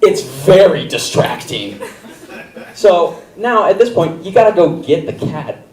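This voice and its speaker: Rambling young stand-up comedian. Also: male voice, sits high, animated, unhurried, a little mellow, far from the mic. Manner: rambling, casual, lots of fillers. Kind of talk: stand-up storytelling. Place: comedy theater stage. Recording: roomy theater sound from afar.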